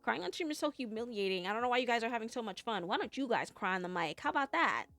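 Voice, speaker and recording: A woman's voice: fairly high pitch, lively intonation, fast talker, fairly bright tone, soft background music. A young woman streaming and chatting casually with her viewers, playful and giggly, teasing herself. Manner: playful, giggly, self-mocking. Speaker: VTuber streamer.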